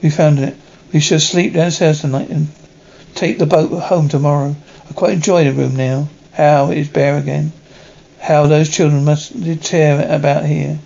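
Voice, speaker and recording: Halting guy reading a story aloud, somewhat high, kinda gravelly, muffled lo-fi recording. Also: fairly even intonation, darkish tone. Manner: halting, stumbling reading with restarts. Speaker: reader. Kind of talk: first-person story reading. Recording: dull lo-fi recording.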